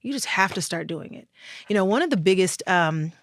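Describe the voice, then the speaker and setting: A woman in her thirties chatting as a guest on an interview podcast, telling stories with lively acted-out voices. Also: fairly low pitch, fairly quick, dry recording, studio quality. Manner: lively storyteller, acts out voices and laughs often. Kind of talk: casual interview chat.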